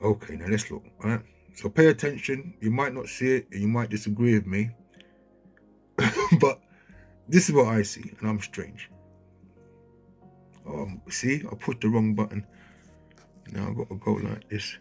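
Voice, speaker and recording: Husky man excitedly narrating footage. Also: on the low side, unhurried, pauses often, faint music behind. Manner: excitable, keeps checking in with listeners. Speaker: video commentator. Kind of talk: casual commentary over footage. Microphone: handheld mic.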